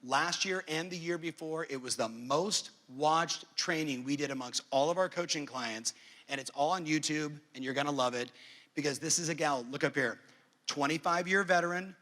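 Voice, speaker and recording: A man's voice: fairly high pitch, moderate pace, pushed and bright. A man giving a motivational keynote as a real estate coach on a conference stage, brash and profane, who keeps polling the crowd. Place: large conference hall stage. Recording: long reverb of a big hall.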